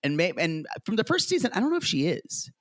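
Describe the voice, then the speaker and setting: A man co-hosting a casual podcast, with a voice that swoops lively up and down as he retells scenes and slips into quick impressions of the cast. The sound is close and dry. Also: sits high, no room sound. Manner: animated, quotes cast members in put-on voices. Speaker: podcast co-host. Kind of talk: casual chat recapping a reality show.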